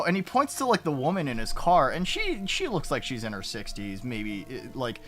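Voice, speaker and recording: A male streamer talks into a desk mic at home, rambling, cutting himself off and swearing freely. His pitch swings widely as he goes, with faint music playing behind him. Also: huge pitch swings, normal speed, few pauses, fairly bright tone. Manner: rambling, swears, self-interrupting. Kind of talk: casual live-stream chat. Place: home room. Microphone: desk mic with noise gate.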